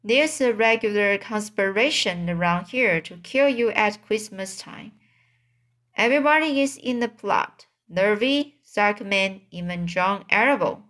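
A blunt old sheep, as a woman reads her, snappish and matter-of-fact. She delivers grim news slowly in a storybook reading. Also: mid-range voice, fairly bright tone, close to an everyday voice.

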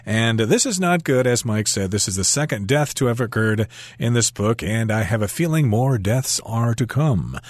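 A man's voice: mid-range voice, lively intonation, moderate pace, no room sound. A man co-teaching a radio English lesson, explaining words plainly and simply.

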